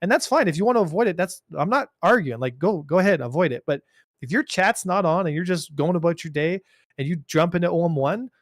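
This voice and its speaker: A man co-hosting a casual gaming podcast, telling stories in an animated, rambling way with many restarts. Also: a little high, fairly quick, no echo, studio quality. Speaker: podcast co-host.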